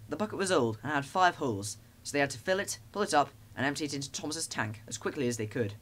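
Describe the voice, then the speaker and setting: Expressive male storybook narrator. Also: a little high, fast talker. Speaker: audiobook narrator.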